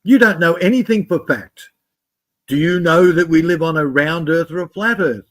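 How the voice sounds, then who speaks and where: A man with a fairly high voice speaks in a slow, reflective way. He philosophizes calmly in casual chat.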